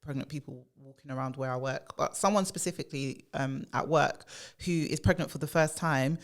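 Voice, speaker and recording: A woman co-hosting a casual podcast chat about work, chatty and quick to agree. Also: a bass voice. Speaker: podcast co-host, HR professional.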